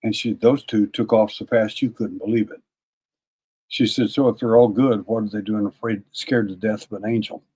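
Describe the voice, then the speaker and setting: An older man, a guest on an interview, telling a long personal story in a folksy, casual way, often repeating words and clearing his throat. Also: lowish voice, steady tone, moderate pace, dark tone. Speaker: interview guest, paranormal investigator.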